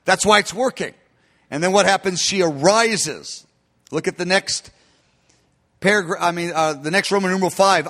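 A male preacher delivering an emphatic sermon. His voice sits very high and sounds bright and sharp. He often addresses his listeners as beloved. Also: moderate pace.

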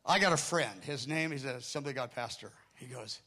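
A man's voice: mid-range voice, fairly quick. A middle-aged man preaching a sermon through stories, acting out the people in them, with rambling asides and corrections. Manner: animated, acts out the people in his stories. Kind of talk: storytelling sermon.

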